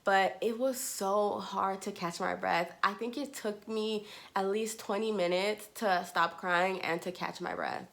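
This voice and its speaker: A woman's voice: mid-range voice, fairly even intonation, a little slow, creaky, hardly any pauses, fairly bright tone. A young woman, a nursing student, talking casually to her viewers, full of "like" and "you know". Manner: chatty, heavy use of "like" and "you know". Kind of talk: casual storytelling to camera.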